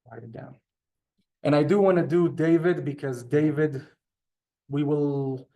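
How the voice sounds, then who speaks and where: Mellow-voiced male teacher explaining. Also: medium pitch, fairly even intonation, unhurried. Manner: explains step by step with many ums and asides. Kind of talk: classroom language lesson. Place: synagogue classroom.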